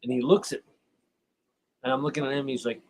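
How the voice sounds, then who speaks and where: A man, a guest on a talk stream, telling a long rambling anecdote in a casual, animated way. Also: medium pitch, quick pace, poor audio. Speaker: guest fan. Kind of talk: casual storytelling.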